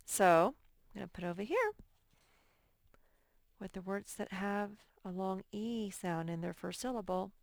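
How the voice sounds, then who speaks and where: Her voice is mid-range and expressive with some vocal fry, in clean studio sound without echo. She's a teacher giving a recorded phonics lesson to young kids, patiently and slowly sorting words while thinking out loud.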